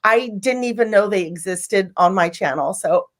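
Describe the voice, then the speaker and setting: A woman's voice: medium pitch, moderate pace. A woman hosting a live stream, chatting casually with a guest and gushing over viewer comments. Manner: bubbly, gushing, animated. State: teary, emotional.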